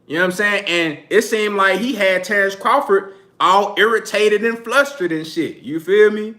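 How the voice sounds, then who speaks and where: A man in talks boxing on a live stream in a loose, slangy, laid-back way, often breaking into laughter. His voice sits a little high and rings very bright. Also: moderate pace. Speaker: boxing channel host. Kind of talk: casual live-stream commentary.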